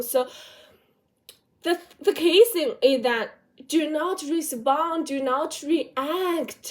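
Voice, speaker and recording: A woman vlogger gives direct motivational advice, asking repeated rhetorical questions in non-native English phrasing. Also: high voice. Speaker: vlogger giving life advice. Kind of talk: motivational talk to camera.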